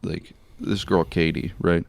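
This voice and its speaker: A man's voice: sits low, level tone, measured pace, gravelly, no echo. A young man co-hosting a podcast, telling a story in casual chat, rambling with many fillers and swears. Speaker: podcast co-host.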